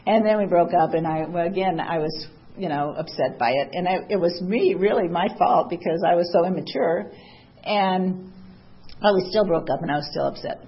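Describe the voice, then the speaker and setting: A woman's voice: fairly low pitch, moderate pace, lo-fi sound. A woman from Southern California telling her recovery story in a candid, chatty way, full of fillers and wry humor. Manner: candid and chatty, many "you know" fillers, wry laughs. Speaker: speaker sharing at a recovery meeting. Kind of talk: personal recovery story, casual.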